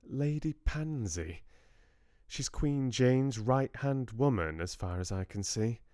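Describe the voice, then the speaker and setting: A man's voice: mid-range voice, animated, takes it slowly, dark tone, no room sound, clean studio sound, voice pushed up. A man voicing an earnest young woman who is a little self-conscious. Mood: amused.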